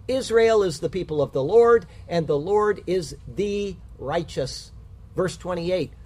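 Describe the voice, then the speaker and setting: A man delivers a verse-by-verse Bible commentary in a measured, emphatic sermon manner. His voice sits a little high and carries a husky, slightly breathy edge. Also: darkish tone. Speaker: Bible teacher.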